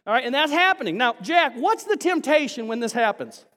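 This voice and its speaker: A man preaching a sermon to a congregation, chatty with restarts and then rising to animated, emphatic bursts. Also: extremely high pitch, a little fast. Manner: chatty asides, frequent restarts. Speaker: pastor. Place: large church sanctuary. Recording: long hall reverb.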